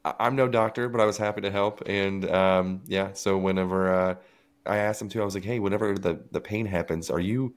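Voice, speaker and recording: On a podcast, a male co-host with a low, steady voice talks a little fast as he tells a story in casual chat. He acts out what other people said, laughing through the quotes.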